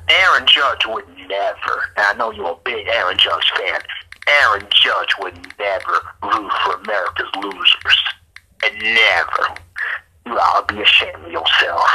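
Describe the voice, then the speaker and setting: Husky, bright-voiced man ranting about sports. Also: lowish voice, poor audio. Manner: trash-talking, fired up, loose and rambling. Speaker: podcast co-host. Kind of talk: casual sports podcast rant.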